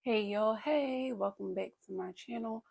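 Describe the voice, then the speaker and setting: A woman in her thirties speaks in a mid-range, gravelly voice at an unhurried pace. In her personal vlog, she talks openly and reflectively about her feelings.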